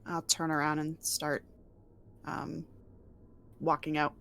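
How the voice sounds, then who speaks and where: A woman with a fairly low voice plays in a tabletop game. She talks slowly and hesitantly, pausing as she works out what her character does. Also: completely flat delivery, gravelly, a bit bright, slight background noise. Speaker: player. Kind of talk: casual tabletop play.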